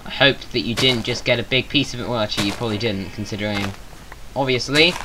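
A man's voice: medium pitch, fast, noisy background. A man with a Southern English accent, rambling through casual gameplay commentary with self-mocking jokey asides. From England. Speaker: gaming YouTuber.

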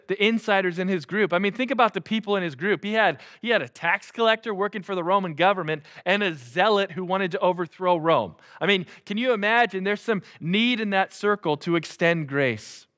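High-voiced pastor preaching casually. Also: male voice, fairly bright tone. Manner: casual, joking, acts out Bible figures in playful voices. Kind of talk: sermon.

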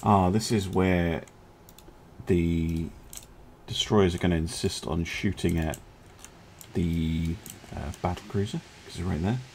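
A man with a low, gravelly voice talks through a naval strategy game at an unhurried pace. He muses aloud, chuckles at setbacks and pokes fun at himself. Faint background noise and keyboard typing sit under his desk mic. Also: steady tone, darkish tone. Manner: musing, self-deprecating, chuckles often. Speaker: gaming video host. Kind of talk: casual gameplay commentary.

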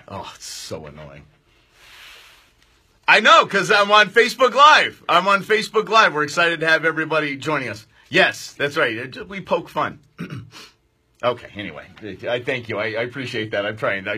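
A man hosting a live outdoor radio show, excitable and loud, joking and bantering with his studio crew. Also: on the high side, breathy edge.

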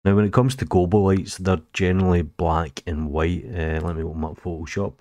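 A Scottish man with a very deep, low voice hosts a screen-recorded software tutorial. He explains things casually, chatty and informal with a few fillers. The sound is close and dry, with no room around it. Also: fairly even intonation, fairly quick, dry recording. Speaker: 3D tutorial host.

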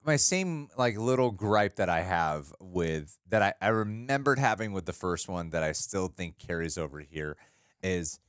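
A man's voice: deep voice, big pitch swings, normal speed, clean tone, dry recording, clean studio sound. A man co-hosting a movie reaction show, talking casually and animatedly, often restarting his sentences and laughing. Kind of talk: casual chat.

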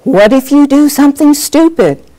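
A middle-aged woman teaching a workshop on presenting on camera, animated and acting out examples as she talks. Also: high voice, moderate pace. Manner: lively, animated, acts out examples. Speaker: on-camera skills coach. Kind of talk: workshop lesson.

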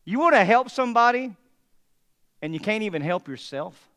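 Man pastor giving a sermon, high smooth voice, goes quiet then loud and mocking. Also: animated, moderate pace. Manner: preaching with swings from hushed to emphatic, mocking asides.

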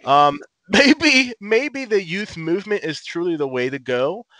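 A man co-hosting a casual sports podcast, an animated, profane fan who rants. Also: sits high, unhurried, dry recording. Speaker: podcast co-host.

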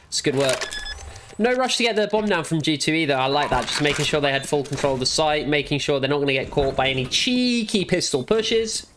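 A man's voice: on the high side, noisy background. A man giving casual, blunt, joking commentary as he reviews a match recording, with a case of the hiccups. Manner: chatty, blunt and joking, with frequent fillers. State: has the hiccups. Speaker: esports analyst reviewing a match demo. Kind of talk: casual commentary over gameplay footage.

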